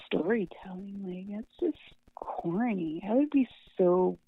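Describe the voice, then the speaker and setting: A woman comic book writer chatting as an interview guest, animated and swearing freely, laughing often, heard over a tinny phone line. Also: mid-range voice, a little slow, slightly rough, no room sound. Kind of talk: casual interview chat.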